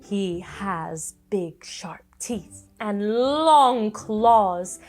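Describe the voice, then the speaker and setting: A woman's voice: mid-range voice, animated, drawn-out words, a little mellow, faint music behind. A young woman telling a story to children, coaxing them to join in with gasps and playful animal noises.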